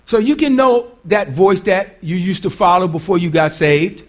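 A man's voice: high voice, normal speed. A man preaching a sermon in a conversational way, quizzing the congregation and often repeating his words.

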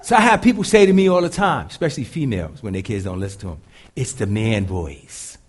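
A man with a deep voice preaching a sermon to a live congregation, moving between loud and hushed delivery. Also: wildly swooping pitch, racing. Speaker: pastor.

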